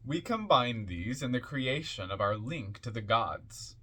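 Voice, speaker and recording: Man, mid-pitched, reading esoteric text aloud, measured and deliberate. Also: lively intonation, bright, forceful tone. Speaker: book reviewer reading aloud. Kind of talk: reading a book aloud with offhand asides.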